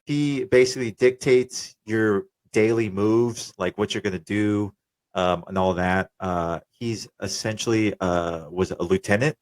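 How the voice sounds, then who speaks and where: A young man with a fairly low voice hosts a casual podcast. He talks in a relaxed, profane way and stops to explain jargon for listeners. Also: unhurried. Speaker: podcast host.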